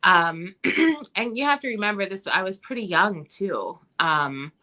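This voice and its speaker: A woman guest telling family stories in a casual interview, chatty with many pauses and fillers. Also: medium pitch. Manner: chatty, many ums, animated when quoting.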